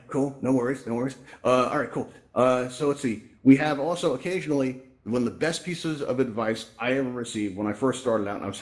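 Heard through his VR headset microphone, the host of a VR tech event speaks in a mid-range, slightly mellow voice. He walks through fixes as a relaxed tutorial in the virtual event space, staying upbeat and chatty while checking in with "right?" again and again.

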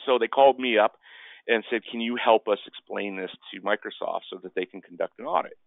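A man with a fairly low voice talks through a webinar in a loose, chatty way, ending line after line with "right?". The sound is dry and tinny, squeezed through a phone line. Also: brisk, gravelly, no room sound. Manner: chatty, peppers speech with "right?". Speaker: webinar presenter. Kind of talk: casual webinar presentation.

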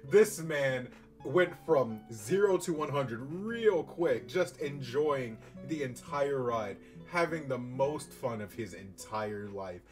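A young man in college telling a story about his own past in a casual, animated, self-mocking way, swearing freely. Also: medium pitch, slow pace. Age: young adult. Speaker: YouTuber. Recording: distant mic, faint guitar music behind.

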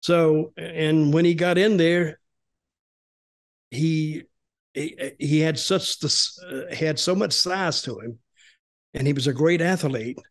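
A man's voice: fairly high pitch, slow pace. An older American man casually telling a long story, rambling with restarts and acting out what others said. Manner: rambling, restarts, acts out quoted voices. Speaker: storytelling guest, former wrestler.

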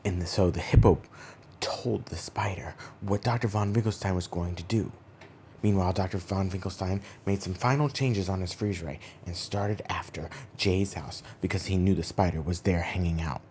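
Deep-voiced man telling a bedtime story. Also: moderate pace, a little hiss or hum. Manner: hushed, dropping to whispers for suspense. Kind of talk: improvised children's bedtime story.

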